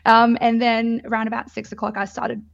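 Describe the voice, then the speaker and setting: Chatty woman, a bit high. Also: monotone, brisk, gravelly. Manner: candid, chatty, laughs often, swears. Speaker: guest telling her birth story. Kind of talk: casual chat. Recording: dull lo-fi sound.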